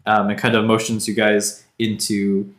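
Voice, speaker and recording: A man runs a tabletop game as its narrator, speaking in a fairly low voice. He talks in a relaxed, joking way full of fillers, and the room adds a noticeable echo. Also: normal speed. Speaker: game master.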